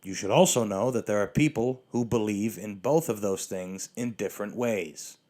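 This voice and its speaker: Rambling sarcastic man, low voice. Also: moderate pace, a little mellow. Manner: rambling, sarcastic, profane, with many restarts and fillers. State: hiccuping. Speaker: podcast host. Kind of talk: solo podcast rant.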